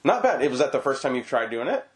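A man's voice: medium pitch, very animated, fast talker. A man hosting a podcast interview, asking questions and cracking playful, rambling jokes. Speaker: podcast host. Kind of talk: casual interview chat.

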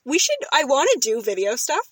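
A woman's voice: sits high, sing-song, fairly quick, fairly bright tone, slightly rough, dry recording. A young woman co-hosting a casual podcast, rambling, giggling and cutting herself off mid-sentence. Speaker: podcast co-host. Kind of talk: casual chat.

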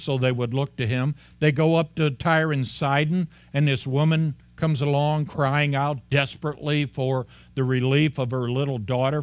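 A man preaching a sermon in a church, with a mid-range voice that rises high and loud when he acts out the story. His delivery is animated, with frequent laughs and quick asides. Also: no echo. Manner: animated, laughs often, acts out disciples' lines. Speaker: pastor. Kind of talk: expository sermon.

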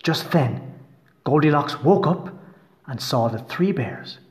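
A man reads a children's fairy tale aloud in an expressive storytelling voice. He speaks a bit high for a man, and his pitch swings widely and playfully from line to line. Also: slow.

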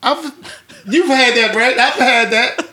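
Man co-host in his forties, high bright voice, playful, drawls his lines. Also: a little hiss or hum. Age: 40s. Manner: joking, drawn-out delivery. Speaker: podcast co-host. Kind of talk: casual chat.

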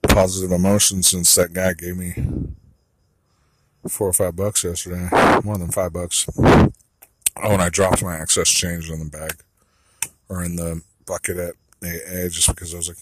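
A man's voice: sits low, fairly even intonation, moderate pace, long pauses, slight background noise. A man telling a rambling, profane personal monologue who keeps second-guessing himself. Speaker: vlogger.

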